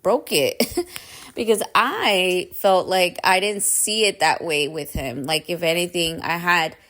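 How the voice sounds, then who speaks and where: A woman's voice: lowish voice, slow, fairly bright tone. A woman hosting a podcast, telling a personal story in a casual, chatty way and often checking in with listeners. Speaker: podcast host.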